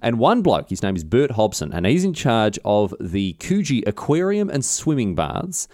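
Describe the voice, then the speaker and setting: A man's voice: lowish voice, sing-song, moderate pace, a little mellow, dry recording, studio quality. A man with an Australian accent hosting a podcast, telling a story in a rambling, cheeky, jokey way with mock rants. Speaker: podcast host. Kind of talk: casual storytelling monologue.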